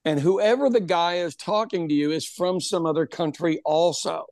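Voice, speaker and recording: A man's voice: a little high, moderate pace, a little mellow, dry recording. A man co-hosting a podcast in casual chat, rambling and repeating words, laughing often. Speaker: podcast co-host.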